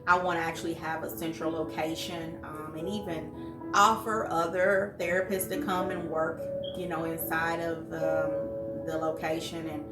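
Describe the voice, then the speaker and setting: A woman guest in a casual interview, talking in a halting way with many pauses and restarts. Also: deep voice, level tone, roomy sound, recorded from a distance, music in the background. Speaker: guest, entrepreneur.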